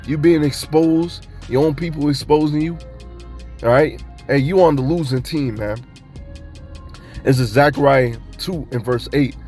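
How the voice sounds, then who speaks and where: Brief: man from Kentucky, relaxed preaching voice, chatty and laughing, soft music under him. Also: on the high side, unhurried. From Kentucky, USA. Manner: loose, conversational, laughing asides, repeats "man". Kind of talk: casual street-style sermon.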